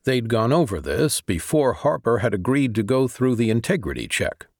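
A man narrating a science fiction audiobook in an even storytelling delivery. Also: mid-range voice, normal speed, dry recording, clean studio sound. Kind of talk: scripted narration.

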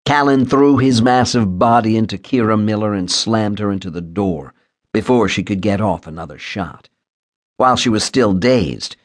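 A man reading a thriller audiobook in a steady, measured storytelling manner. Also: on the low side. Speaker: audiobook narrator. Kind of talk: scripted thriller narration.

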